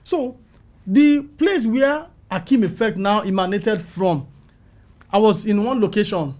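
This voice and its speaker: A middle-aged Nigerian man tells his story with a fairly high voice. He acts out the people in his story, and his voice jumps up whenever he quotes someone. He sounds like a guest sharing his career in an interview. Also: a little slow. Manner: animated, acts out calls and quotes with rising pitch. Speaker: film makeup artist, guest.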